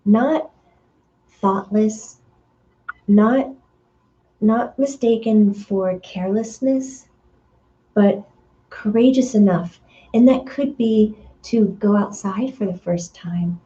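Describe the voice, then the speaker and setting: A woman medium talks slowly through a spiritual energy reading, her voice soft and mellow. She hunts for words with plenty of fillers and sometimes breaks into sudden high acted voices. The recording sounds a little dull and muffled. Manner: slow, dreamy, searching for words with many fillers.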